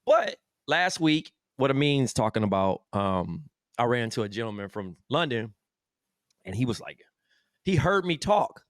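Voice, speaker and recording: Californian man telling a story, expressive. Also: mid-range voice, moderate pace, no room sound, studio quality. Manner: expressive, profane, laid-back slang. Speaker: podcast co-host. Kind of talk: casual storytelling banter.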